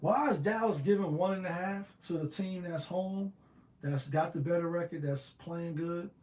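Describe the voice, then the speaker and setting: A man runs through his betting picks in a loose, slangy solo talk. His voice sits high for a man, and he keeps throwing out rhetorical questions with animated energy. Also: normal speed, reverberant. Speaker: sports betting show host.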